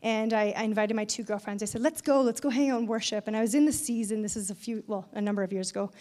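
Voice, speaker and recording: A young woman giving a conversational sermon, telling a personal story with lively voiced quotes. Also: mid-range voice, quick pace, big-room sound. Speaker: speaker at a church event.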